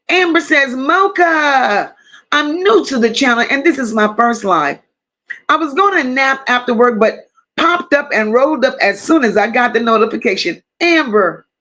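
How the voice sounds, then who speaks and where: Woman w/ high voice doing livestream shoutouts, aave, calls everyone baby n boo, swears casually. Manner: warm, affectionate, calls viewers baby and boo; casual, swears freely, reads chat aloud. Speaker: livestream host. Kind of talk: live chat greetings.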